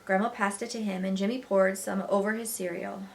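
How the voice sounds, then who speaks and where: A woman teacher reading a children's novel aloud with expressive storytelling. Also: mid-range voice, a little fast, vocal fry.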